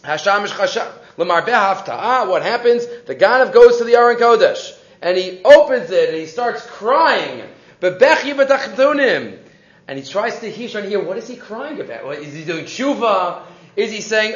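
Animated high-voiced man teaching Torah. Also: moderate pace, echoey room, dull audio. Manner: animated storytelling, mixing Hebrew and English, frequent restarts. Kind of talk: weekly Torah class.

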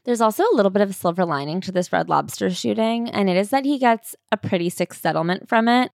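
A woman co-hosting a podcast, casually retelling a book with a relaxed, chatty manner and lots of "like". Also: medium pitch, quick pace, gravelly, dry recording, clean studio sound. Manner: relaxed storyteller, peppered with "like". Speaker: podcast co-host. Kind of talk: casual book-summary chat.

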